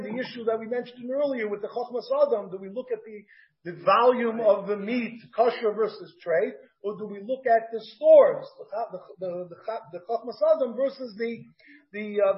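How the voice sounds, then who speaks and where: A man, a rabbi, teaching a Talmud class in an animated way, mixing English with Hebrew and Aramaic terms and checking in with "right?". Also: high voice. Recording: dull, lo-fi class recording.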